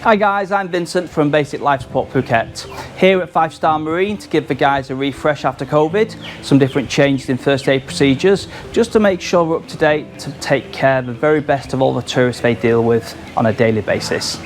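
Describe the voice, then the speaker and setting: A man's voice: on the high side, brisk, few pauses. A man from Manchester working as a first aid trainer, giving clipped, step-by-step instructions. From Manchester, England. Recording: reverberant, with music behind.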